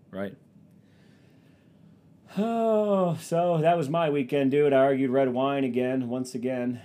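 A young man chatting casually and comically as a podcast host, rambling and swearing, with quick dips into silly voices. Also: medium pitch, expressive, warm tone. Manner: rambling, profane, slips into silly quoted voices. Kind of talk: casual comedic chat.

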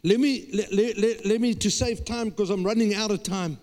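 A man's voice: high voice, normal speed, a little mellow. A man, a pastor preaching a sermon with emphatic repetition and stammered restarts. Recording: long hall reverb.

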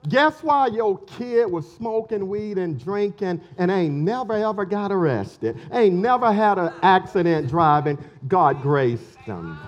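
A man's voice: sits high, very animated, unhurried, hardly any pauses, muffled recording. A man preaching a sermon as pastor, emphatic and colloquial, repeating key phrases.

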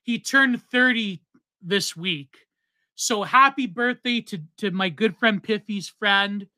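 A man in his thirties co-hosting a casual podcast, reading out donations with loud, excitable exclamations. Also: high-pitched, slow pace, no echo. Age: 30s. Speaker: podcast co-host.

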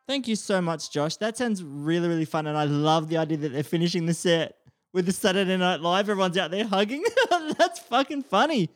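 Relaxed podcast guy, higher voice, swears casually, dead dry sound. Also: brisk, no echo, faint music behind. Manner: laid-back, sweary, self-mocking. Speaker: podcast host. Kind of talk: casual chat.

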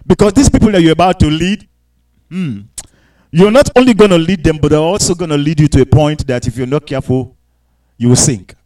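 A man preaching a sermon, dropping to quiet asides and rising to loud, drawn-out scripture readings, asking the congregation to answer back. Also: fairly high pitch, poor audio. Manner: calls out to the congregation for responses.

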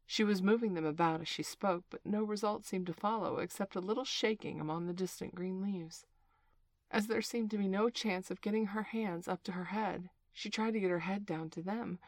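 A woman's voice: mid-range voice, no echo. Woman reading a storybook aloud, dry. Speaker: narrator.

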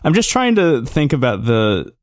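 A man co-hosting a casual chat show, retelling scenes in a relaxed way and acting out other people's lines. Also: medium pitch, normal speed, no room sound, studio quality. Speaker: podcast co-host.

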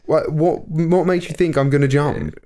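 A man's voice: on the high side, fairly even intonation, normal speed, warm tone. A man co-hosting a podcast in casual chat, blunt and teasing, swearing freely. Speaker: podcast co-host.

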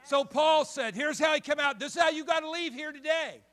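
A man's voice: very high voice, a little fast, bright, forceful tone. A middle-aged man preaching a sermon as pastor, building to fervent emphasis.

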